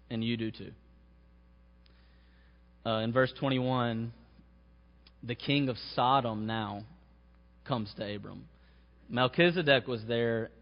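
A man's voice: mid-range voice, takes it slowly, vocal fry, long pauses. A man preaching a sermon, his voice rising to stress key phrases. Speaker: pastor. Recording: muffled sound with long hall reverb.

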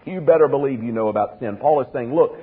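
A man's voice: medium pitch, quick pace, breathy edge. A man preaching a sermon in an earnest, emphatic teaching manner, asking his listeners rhetorical questions. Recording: phone-like radio broadcast in a reverberant hall.

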